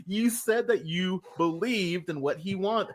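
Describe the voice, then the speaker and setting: A man hosting a casual review podcast, talking animatedly and swearing, his voice jumping up high when he gets worked up. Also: unhurried. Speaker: podcast host.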